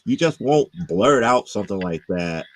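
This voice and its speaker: A man in casual podcast chat who explains his point haltingly and often restarts his sentences. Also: fairly low pitch, expressive, slight background noise. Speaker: podcast co-host. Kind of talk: casual conversation.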